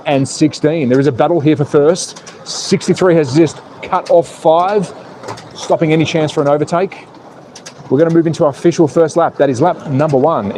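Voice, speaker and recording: Excitable man calling slot car races. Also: fairly high pitch, slight background noise. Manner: excitable and playful, jokes with chat. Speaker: live stream host and race caller. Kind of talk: live slot car race commentary.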